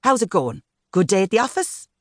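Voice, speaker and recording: A woman's voice: mid-range voice, big pitch swings, fairly quick, no room sound, clean studio sound, voice pushed up. A woman doing a bubbly, cheeky young woman. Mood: chatty. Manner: bubbly and playful. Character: vivacious, cheeky young Irish woman teacher.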